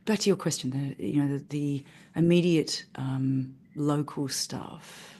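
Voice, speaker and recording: A woman speaking candidly to her coach, rambling and shifting tone quickly. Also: deep voice, fairly even intonation, mellow, breathy edge. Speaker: coaching client. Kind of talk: candid personal talk.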